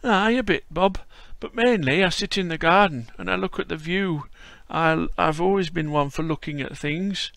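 A man putting on the voice of a very old, frail, friendly man with a Yorkshire accent, speaking in slow homely dialect. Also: a little high, gravelly, fairly bright tone, no echo, voice pushed up. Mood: reminiscing.

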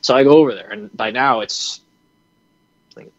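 A man in his twenties telling a hunting story in a casual way, animated and full of fillers. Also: medium pitch, moderate pace, no echo. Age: 20s. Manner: animated, acts out his own reactions, many fillers. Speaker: hunting program founder and podcast guest. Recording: dry, slightly dull lo-fi audio.

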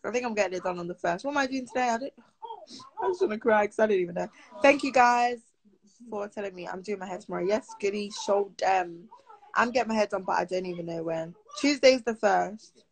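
A woman's voice: medium pitch, brisk, poor audio. Teen girl on a live stream, chatty, reading out comments and answering them. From Britain. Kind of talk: casual live stream chat.

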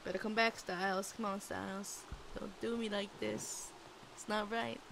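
A woman's voice: medium pitch, flat delivery, moderate pace, vocal fry. A young woman giving casual gameplay commentary, swearing freely and playfully scolding the characters on screen. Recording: loud background noise.

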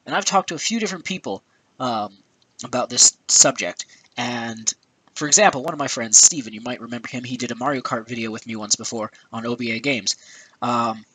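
A man's voice: mid-range voice, a little fast, bright, forceful tone, husky, no echo, rough recording. A man hosting a gaming video, ranting angrily and swearing often with exasperated sighs, recorded on a headset with some static. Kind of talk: angry rant. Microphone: new headset.

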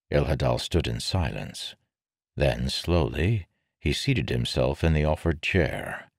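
A man reading a novel aloud with a very deep voice at an unhurried pace. His storytelling is measured and even. The sound is dry and close, with no room around it. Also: vocal fry, no echo. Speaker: audiobook narrator. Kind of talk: scripted narration.

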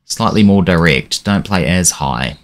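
Young male game streamer, low voice, narrates matches and loses his temper at the team. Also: expressive, measured pace, a little hiss or hum. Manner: frustrated, swearing, shouting at his players. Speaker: gaming channel host. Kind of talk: let's-play commentary.

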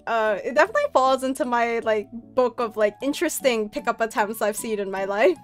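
A woman's voice: fairly high pitch, fairly quick, faint music behind. A young woman streaming from home, telling a story in a casual chat, rambling with many fillers and laughing often.

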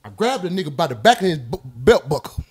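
Animated man telling a wild story. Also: fairly high pitch, quick pace, slightly rough. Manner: animated, laughing, acts out quotes and sound effects. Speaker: podcast guest telling a story. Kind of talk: casual storytelling among friends.

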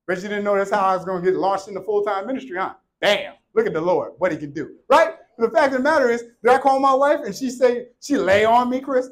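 High-voiced animated male preacher. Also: fast, few pauses, poor audio. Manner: animated, joking, swings from shouting to hushed. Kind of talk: sermon.

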